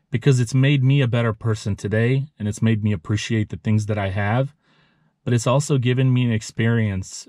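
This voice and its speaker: A man in his thirties who owns a lawn care business, giving a heartfelt motivational vlog talk, earnest and emotional, halting and restarting as he speaks. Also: lowish voice, darkish tone, no room sound, studio quality. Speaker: lawn care business owner and channel host.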